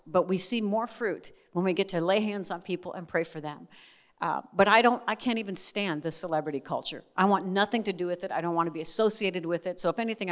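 A woman's voice: on the low side, big-room sound. A middle-aged woman giving a testimony sermon as a Christian speaker, talking candidly with chatty asides. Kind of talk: testimony sermon to a live audience.

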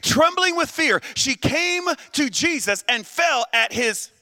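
A middle-aged man preaching a lively, humorous sermon, shouting at peaks and drawing the crowd to answer back. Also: very high-pitched, measured pace. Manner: animated, humorous, shouts at peaks, invites responses. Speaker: guest preacher.

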